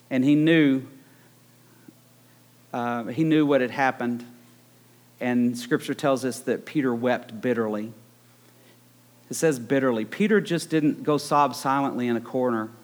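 A man preaching a conversational sermon, retelling the story with joking asides. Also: mid-range voice.

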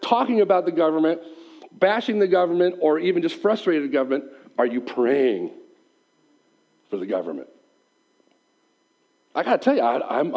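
A man's voice: sits high, gravelly, poor audio. A male pastor preaching a sermon in a conversational way, asking his listeners questions and acting out what people might say. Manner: animated, acts out quoted voices.

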